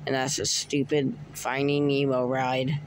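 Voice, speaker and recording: A man casually narrating a plush skit, excitable and breaking into whoops and cheers. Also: mid-range voice, a little slow, a little hiss or hum. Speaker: plush video maker. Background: music.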